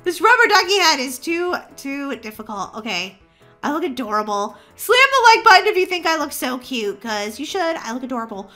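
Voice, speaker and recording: A woman's voice: high-pitched, very animated, fairly quick, sharp tone, soft background music. A woman hosting a gaming video, giving silly, playful commentary and singing goofy bits. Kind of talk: gameplay commentary.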